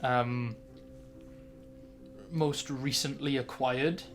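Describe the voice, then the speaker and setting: A man's voice: medium pitch, fairly even intonation, drawn-out words, faint music behind. Rambling man running a tabletop game. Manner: rambling, filler-heavy descriptions. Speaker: game master.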